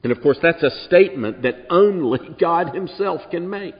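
A male pastor preaching a sermon to a congregation, emphatic, slowing down to stress key words. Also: fairly high pitch, expressive. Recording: distant hall reverb, dull lo-fi sound.

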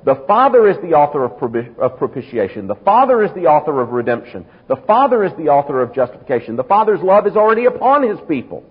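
A man's voice: fairly high pitch, big pitch swings, quick pace, few pauses, breathy edge. A man preaching a sermon, emphatic, drawing out key words and speeding through asides. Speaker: pastor. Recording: muffled sound with long hall reverb.

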